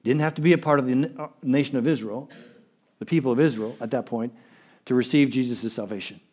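A man preaches a sermon in an earnest, emphatic voice of ordinary middle pitch. He leans on key words and repeats phrases to drive them home. He often turns to the congregation and asks them to respond. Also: fast, darkish tone. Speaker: pastor.

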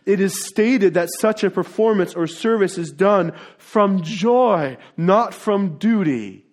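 A man preaching a sermon in an earnest way, dropping into quiet asides and then building to emphatic, rising points. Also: high-pitched, lively intonation, takes it slowly. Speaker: pastor.

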